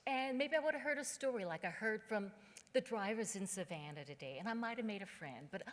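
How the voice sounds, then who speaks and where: Speaking briskly with lively intonation in a mid-range voice, this southern West Virginia woman delivers a keynote from a theater stage. Her style is funny and conversational storytelling, heard through long hall reverb.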